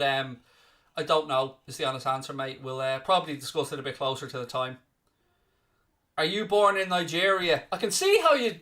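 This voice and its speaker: Bright-voiced, teasing Irish man. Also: fairly high pitch. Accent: Irish, from Dublin area. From Ireland. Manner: teasing, mock-scolding replies to viewer comments; rattles off scores like a presenter. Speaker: watchalong host. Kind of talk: live-stream football watchalong chat.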